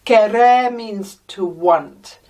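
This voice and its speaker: A Spanish teacher gives a slow, deliberate language lesson that mixes English and Spanish. Her medium-pitched voice is mellow, and she speaks patiently, carefully sounding out each word. She sounds a little distant from the microphone.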